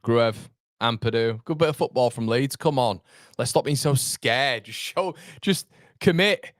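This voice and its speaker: A man in his thirties hosting a live football watchalong, chatting with viewers in an animated, rambling way that jumps between laughter and fed-up rants. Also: mid-range voice, a little slow, no room sound, studio quality. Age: 30s. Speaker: fan channel host.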